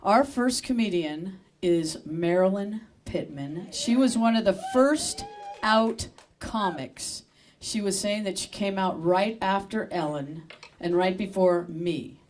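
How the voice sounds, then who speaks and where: A woman's voice: mid-range voice, slow, darkish tone, slight background noise. A woman hosting a live comedy show in a store, introducing the comedian with joking, rambling asides. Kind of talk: casual stage introduction.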